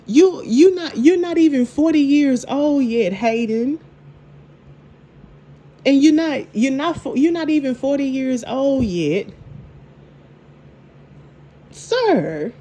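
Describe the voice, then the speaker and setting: Woman reviewer, sassy animated recap, warm higher voice. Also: slow pace, pauses often, a little hiss or hum. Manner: sassy, animated retelling with acted quotes. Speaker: TV show reviewer. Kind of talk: casual recap chat.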